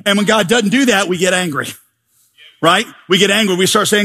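A man preaching a lively, joking sermon as a pastor and acting out people's voices. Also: high voice, fairly quick. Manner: animated, joking, acts out voices.

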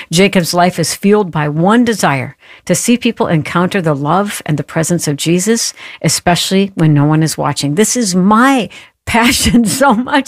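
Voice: medium pitch, no room sound. Christian podcast host with a dry, close sound. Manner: warm, affirming interjections. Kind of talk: Christian interview show.

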